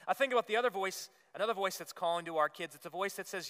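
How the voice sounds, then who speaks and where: A man's voice: high-pitched, expressive, rapid-fire, bright, forceful tone. A man preaching a sermon as pastor, earnest and emphatic, repeating phrases and rising on key words. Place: church sanctuary. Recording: long reverb of a church hall.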